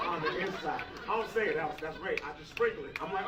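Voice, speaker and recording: A male stand-up comedian doing loud, playful crowd work in a comedy club, laughing often. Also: a little high, a little fast, heavy background noise. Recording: roomy live club audio from a distance, dull. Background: loud audience laughter.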